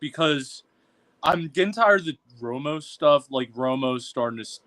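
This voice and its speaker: A man co-hosting a podcast in casual chat, giving opinions with frequent restarts and halting phrasing. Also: fairly high pitch, expressive, a bit bright. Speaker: podcast co-host.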